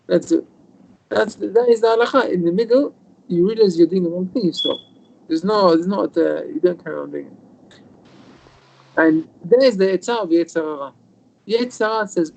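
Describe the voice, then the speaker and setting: A man's voice: sits high, fairly quick, creaky, poor audio. A man, a rabbi, giving an informal Torah lesson over a video call, telling stories and acting out the dialogue, with Hebrew terms mixed in. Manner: animated storyteller, acts out quoted dialogue, mixes in Hebrew terms.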